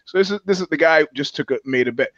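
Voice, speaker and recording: A man's voice: on the high side, fast, no echo, dull audio. A man in casual comedic podcast chat, rambling and profane, restarting his sentences often. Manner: rambling, profane, full of restarts and put-on voices. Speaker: podcast co-host.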